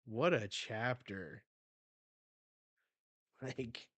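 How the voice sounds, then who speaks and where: A man hosting a live manga reaction, retelling the chapter excitedly and swearing as he goes. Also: medium pitch, extremely slow, no echo.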